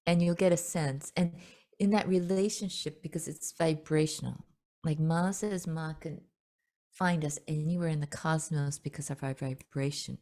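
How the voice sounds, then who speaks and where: A spiritual teacher hosting a webinar teaches casually in a low, mellow woman's voice at a moderate pace. She's gentle and chatty, laughing often, with many fillers and restarts.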